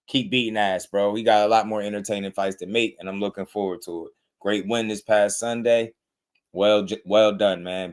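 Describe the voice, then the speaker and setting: A man hosting a live boxing talk stream, ranting in a rambling, heated way with many repeated words. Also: fairly low pitch. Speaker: boxing talk show host. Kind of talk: casual livestream commentary.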